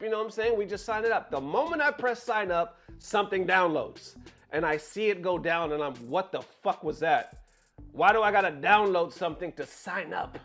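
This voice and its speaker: A man recounting a story in a casual vlog, his voice pitched high and swinging widely as he grows exasperated. He swears freely and talks in an animated rush. Faint music plays under his voice. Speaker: content creator. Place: bedroom.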